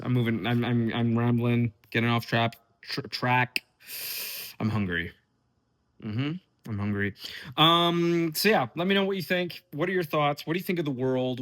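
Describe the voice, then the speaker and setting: A man's voice: mid-range voice, fairly bright tone. A young man rambling unscripted in a casual vlog, frustrated, swearing now and then, often restarting his sentences. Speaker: vlogger.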